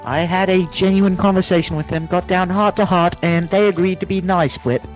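A man's voice: high voice, steady tone, fairly quick, soft background music. A man in a casual gaming voice chat, teasing his friends while trying to keep the talk in order. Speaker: gaming group member.

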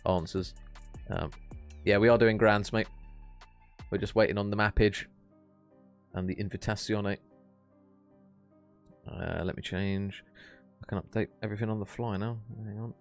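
A man hosting a live esports stream, casting casually with laid-back, jokey chatter. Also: lowish voice. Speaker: esports caster and stream host. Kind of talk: relaxed live casting and banter.

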